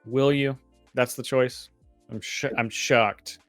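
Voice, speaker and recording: A man's voice: mid-range voice, steady tone, takes it slowly, a bit bright, no echo, faint music behind. A man explaining his card game plays on a video call, teasing the others with dry, playful remarks. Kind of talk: casual game-play chat.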